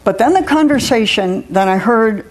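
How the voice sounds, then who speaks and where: A woman's voice: fairly high pitch, lively intonation, normal speed. A woman author reading her own personal story aloud, with wry humor and frequent laughter.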